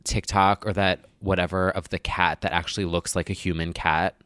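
Man, very deep voice, dry close sound, sassy jokes, casual podcast chat. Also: level tone, normal speed, a bit bright, smooth, no echo. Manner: sassy, joking, sarcastic quips. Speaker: podcast co-host.

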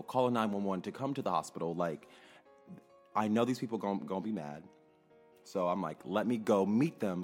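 A man tells a story in a casual, exasperated way, his voice low-pitched and swinging widely up and down. He swears freely and sounds animated. Faint music plays behind him. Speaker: research clinic worker telling a story.

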